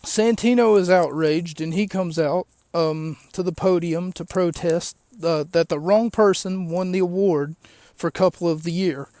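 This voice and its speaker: A man's voice: high-pitched, steady tone, a little slow, darkish tone, dry recording. A man hosting a podcast, recapping a show in a rambling, chatty way with lots of asides. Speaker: podcast host. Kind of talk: casual recap of a wrestling show.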